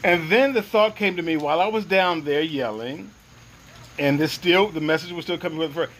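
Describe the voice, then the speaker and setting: Earnest high-voiced man telling his story. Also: moderate pace, fairly bright tone, slight background noise, poor audio. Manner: earnest, reflective, searching for words. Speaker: guest sharing a personal experience. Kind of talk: first-person storytelling.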